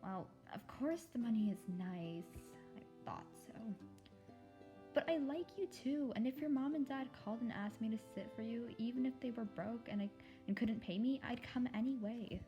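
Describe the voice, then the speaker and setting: A woman reading a children's chapter book aloud, voicing the teen heroine in a warm, lively way. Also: fairly high pitch, brisk, muffled recording. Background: music.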